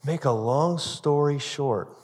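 A male pastor preaching with an earnest storyteller's manner, tripping over and repeating words as he goes. His voice sits a little high for a man, and it rings out with the long reverb of a large hall. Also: slow pace, a little mellow. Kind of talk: sermon with personal story.

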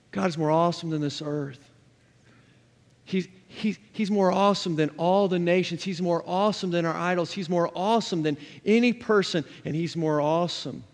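Man preaching in a reverberant church. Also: on the high side. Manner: emphatic preaching with repeated refrains and scripture reading. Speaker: pastor. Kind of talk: sermon.

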